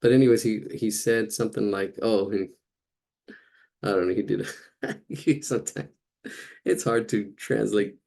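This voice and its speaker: Chatty, gravelly-voiced male drawing teacher. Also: on the low side, unhurried, long pauses, dark tone. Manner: rambling, chatty, thinks aloud while drawing. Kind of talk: casual live drawing lesson.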